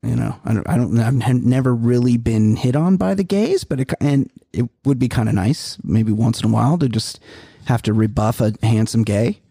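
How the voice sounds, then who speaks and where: Podcast dude, swears constantly, rambly stories, husky and mellow, super lively pitch. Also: male voice, normal speed, no room sound, studio quality. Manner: crude, rambling storyteller, swears a lot. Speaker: podcast co-host. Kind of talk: casual comedy podcast banter.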